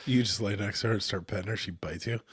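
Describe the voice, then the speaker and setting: A man's voice: fairly low pitch, fast talker, a bit bright, husky, no echo, clean studio sound. A man, a podcast co-host, tossing teasing jokes and quips into his friend's story in casual banter. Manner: teasing, jokey interjections and mock voices.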